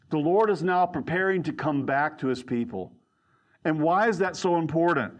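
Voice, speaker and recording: Earnest male preacher, slightly high voice. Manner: earnest, emphatic teaching with asides to the congregation. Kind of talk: sermon.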